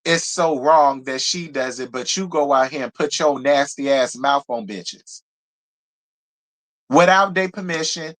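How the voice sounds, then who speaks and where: A man recapping reality TV live, his voice sitting a touch higher than most men's. He talks in a loose, gossipy, profane way, full of laughs and pointed asides. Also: measured pace, fairly bright tone. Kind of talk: casual live review commentary.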